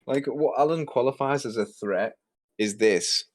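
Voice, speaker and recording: Brief: male commentary host, mid-pitched, mocking and profane, voice leaps up when incredulous. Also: a little slow. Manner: sarcastic, swearing, with sudden pitch jumps.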